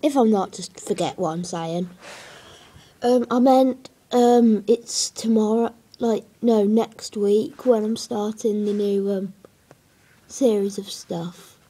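A woman's voice: medium pitch, takes it slowly, warm tone, breathy edge. A woman giving casual gameplay commentary, hesitant and rambling with many fillers. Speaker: gaming video creator.

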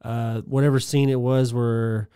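A man co-hosting a podcast chats in an easygoing way, chiming in and wondering aloud. His voice is mellow, warm and smooth. The sound is dry and close. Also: mid-range voice, flat delivery, unhurried, dry recording. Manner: easygoing, chimes in with short agreements and wondering asides. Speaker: podcast co-host. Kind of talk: casual chat.

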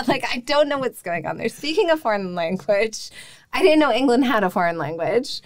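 A woman in her thirties from Wisconsin, a podcast guest telling her story in lively casual chat. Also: on the high side, fast, no echo. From Wisconsin, USA. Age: 30s. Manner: lively, acts out quoted exchanges.

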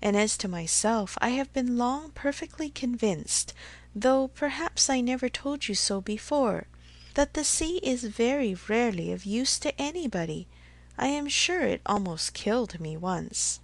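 Fretful elderly gentleman, read by a woman. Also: on the high side, expressive, a little slow, voice pushed up. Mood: fretful fond. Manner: fretful, fond, repeats endearments. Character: fussy anxious elderly gentleman, doting father. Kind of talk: audiobook character reading.

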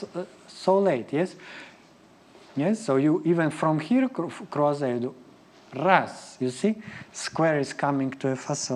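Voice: mid-range voice, a little mellow. A ballet teacher leading a live class, counting and scatting rhythms in choppy English. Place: ballet studio. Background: piano music.

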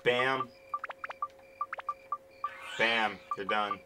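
A man with a fairly low, steady voice speaks extremely slowly while playing on his gaming channel, commenting casually, grumbling impatiently, and swearing often. Video game music sits under his voice, along with background noise.

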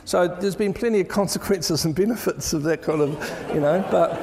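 A man's voice: sits high, brisk, few pauses. A middle-aged man with a New Zealand accent giving a chatty, jokey conference talk full of stories. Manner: chatty, jokey, animated storytelling. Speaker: keynote speaker. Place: large event hall. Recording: long hall reverb.

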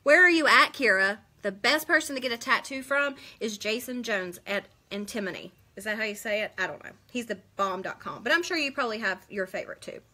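A woman's voice: fairly high pitch, lively intonation, fairly quick, hardly any pauses, bright, forceful tone. A woman, chatting casually on a live stream, rambling and answering viewers' comments. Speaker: beauty vlogger hosting a live stream.

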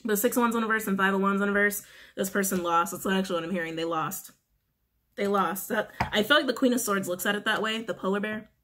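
A woman's voice: medium pitch, quick pace, a bit bright, a little hiss or hum. A woman giving a casual tarot reading, talking bluntly, swearing freely, and repeating phrases for emphasis. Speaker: tarot reader.

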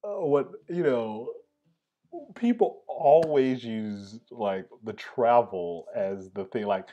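A man's voice: medium pitch, slow pace, dark tone, lo-fi sound. A man hosting a casual chat over tea, filling his talk with "like" and "right?". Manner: chatty, fills with "like" and "right?". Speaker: host.

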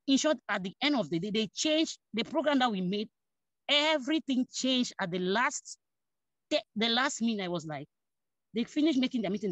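Woman telling a lively testimony. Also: mid-range voice, no echo. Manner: animated, acts out dialogue, laughs between phrases. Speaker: church member giving testimony. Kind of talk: personal testimony storytelling. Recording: dull dry lo-fi recording.

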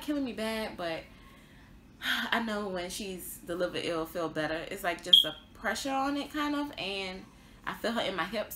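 A woman's voice: lowish voice, bright, forceful tone, slight background noise. Chatty young woman in an echoey room. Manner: chatty, rambling with many fillers and laughs. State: pregnant, tired. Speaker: vlogger. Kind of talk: casual pregnancy update vlog.

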